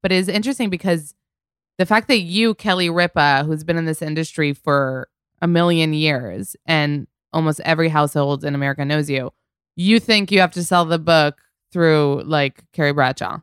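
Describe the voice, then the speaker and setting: A woman's voice: low voice, normal speed, smooth, no echo, studio quality. A young woman hosting an interview, talking casually and gushing with enthusiasm. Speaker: podcast host.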